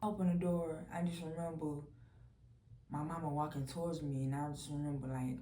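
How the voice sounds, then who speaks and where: A woman's voice: sits low, little pitch movement, normal speed, noisy background. A young woman candidly telling her personal testimony in a casual, storytelling way, swearing freely and filling her speech with "like". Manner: candid, profane, lots of "like" fillers. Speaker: vlogger sharing a personal testimony. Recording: roomy echo.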